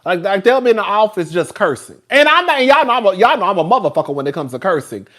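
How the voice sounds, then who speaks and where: Animated sassy man chatting to his viewers. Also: high-pitched, fast talker. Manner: rambling, chatty and sassy, laughs often. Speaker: show host reviewing TV. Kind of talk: casual chat on a live stream.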